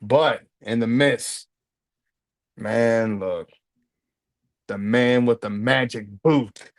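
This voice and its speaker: A man's voice: medium pitch, fairly even intonation, extremely slow, no echo. A man co-hosting a casual wrestling podcast. He sounds hyped and emphatic and repeats lines for effect. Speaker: podcast co-host.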